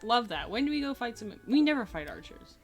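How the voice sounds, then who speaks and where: Giggly woman co-streamer, high-ish voice, goofy, game music in the back. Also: big pitch swings, brisk. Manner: playful, giggly. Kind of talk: casual gameplay chat.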